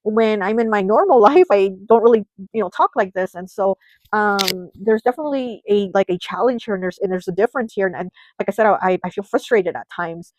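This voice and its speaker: A woman's voice: medium pitch, a little fast, no room sound, poor audio. Chatty woman giving a tarot reading. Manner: chatty, with filler words and frequent restarts. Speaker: tarot reader. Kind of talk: casual tarot reading to camera.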